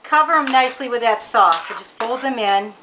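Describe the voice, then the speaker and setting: A woman's voice: on the high side, fairly quick, heavy background noise. A woman giving a casual cooking demonstration in a home kitchen, chatty and homey, talking straight to the viewer. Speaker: home cook presenting a recipe.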